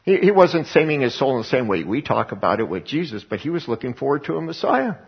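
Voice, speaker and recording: A man's voice: medium pitch, sing-song, fast talker, gravelly, slightly rough, muffled recording. A man teaching the Bible as a sermon, who talks emphatically and asks and answers his own questions. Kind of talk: preaching Bible study.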